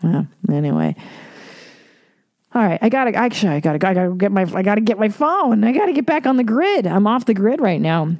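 A woman's voice: mid-range voice, very animated, fairly quick, a little mellow, no echo, clean studio sound. A middle-aged woman hosting a solo podcast, talking in a rambling, blunt, profane, casual way. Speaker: podcast host.

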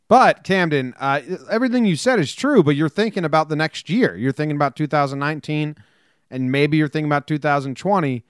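A man co-hosting a podcast, chatting casually with quick asides. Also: on the high side, smooth, dry recording, clean studio sound. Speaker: podcast co-host.

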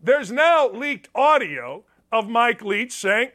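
A man's voice: very high-pitched, sing-song, slow pace, pushed and bright. A man hosting a sports talk show, giving a blunt, sarcastic opinion monologue. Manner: blunt, sarcastic, mocking voices in quotes.

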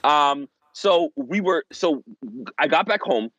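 Male minister in his forties, podcast guest, lively storyteller, fairly high voice. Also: slow pace, no echo, poor audio. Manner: animated, acts out the voices of others. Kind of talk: personal storytelling in an interview.

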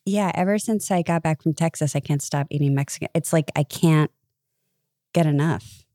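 A woman's voice: sits low, moderate pace, mellow, dry recording, studio quality. A woman co-hosting a casual chat, rambling and cutting herself off mid-sentence. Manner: rambling, self-interrupting. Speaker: podcast co-host.

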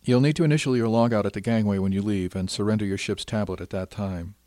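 A man voicing a calm, kindly female starship captain who speaks gently and matter-of-factly. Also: fairly low pitch, dry recording, studio quality, close to an everyday voice. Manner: gentle, brisk and matter-of-fact.

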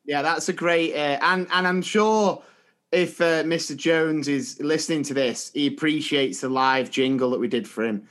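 A man's voice: a little high, normal speed, a bit bright. A man co-hosting a teachers' podcast, chatting casually with playful, teasing banter. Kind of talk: casual chat.

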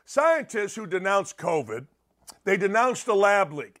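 Man, middle-aged, talk show host, brash, sarcastic, rambling, high-pitched voice. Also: big pitch swings, unhurried, a bit bright. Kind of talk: opinionated radio talk monologue.

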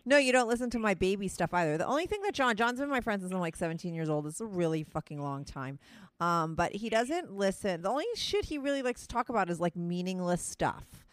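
This podcast host has a mid-range voice and speaks animatedly and fairly fast, with no echo. Her New Jersey or New York accent comes through as she chats bluntly on a phone call with her co-host, cursing without hesitation.

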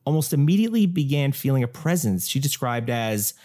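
Brief: male podcast co-host, casual ghost-story telling, deadpan jokes. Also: mid-range voice, fairly quick. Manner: joking, rambling, deadpan asides.

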